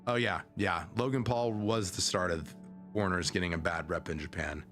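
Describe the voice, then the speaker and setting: Young male streamer, low voice, loose rambling chat, faint music bed. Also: steady tone, moderate pace, fairly bright tone. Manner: rambling, self-interrupting, conversational. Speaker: vtuber streamer. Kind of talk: casual stream commentary.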